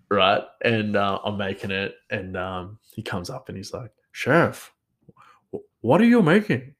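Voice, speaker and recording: A man's voice: on the low side, a bit bright. A man, a chef, telling a story in a rambling, casual way and chuckling often.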